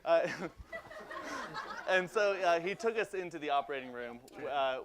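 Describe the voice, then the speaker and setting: A man co-hosting a live comedy talk show, delivering jokes in a casual deadpan way. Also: a little high, a little slow, crowd noise. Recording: noticeable background noise.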